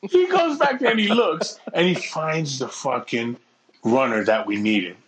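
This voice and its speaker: A man co-hosting a podcast, telling stories in a profane, animated, casual way. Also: a little high, a little slow. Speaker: podcast co-host. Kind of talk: casual storytelling chat.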